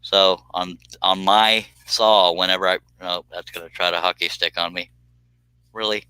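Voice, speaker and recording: A man's voice: low voice, little pitch movement, moderate pace, sharp tone, smooth, no room sound, rough recording. A man hosting a casual live stream, chatting in a folksy, joking way while he cuts on a scroll saw in his workshop. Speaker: livestream host.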